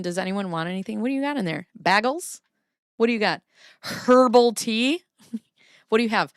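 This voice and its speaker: A woman's voice: on the high side, no room sound, studio quality. A middle-aged woman hosting a casual livestream. She talks playfully, laughs often, chats with her viewers and reads court filings aloud. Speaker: livestream host.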